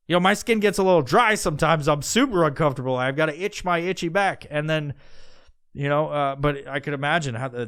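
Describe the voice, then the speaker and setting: A podcast host thinks out loud in a loose, wandering monologue, swearing freely and often stopping to restart his sentences. His voice is smooth, resonant, and fairly high-pitched, recorded close and dry with no room sound.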